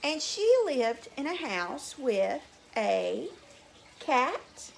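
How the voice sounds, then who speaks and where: Animated woman reading a story to kids. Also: high voice, very slow, gravelly. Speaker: teacher. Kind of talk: reading a story aloud to children.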